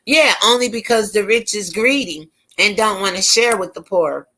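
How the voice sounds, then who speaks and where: A woman's voice: medium pitch, normal speed, bright, forceful tone. A woman from the United States hosting a casual opinion commentary, talking emphatically and firing off rhetorical questions. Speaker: commentary channel host.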